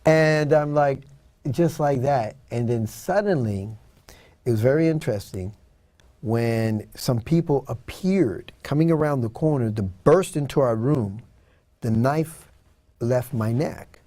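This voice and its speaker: A man's voice: mid-range voice, unhurried, dark tone, dry recording. A man telling a personal story in an interview, earnest and dramatic, acting out what people said. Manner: earnest, dramatic retelling with acted-out quotes. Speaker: guest.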